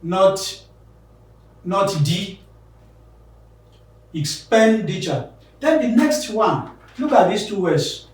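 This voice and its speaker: A man's voice: high-pitched, lively intonation, takes it slowly, long pauses. Man teaching word stress, echoey. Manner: repeats each word many times, contrasting wrong and right stress. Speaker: English pronunciation teacher. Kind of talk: classroom lesson. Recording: very echoey room, voice from far off.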